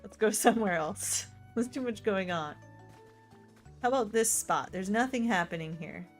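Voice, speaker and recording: A woman streaming a game in casual let's-play commentary. She is chatty and excitable, and she swings between gushing and muttering to herself. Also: medium pitch, normal speed, faint music behind. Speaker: gaming streamer.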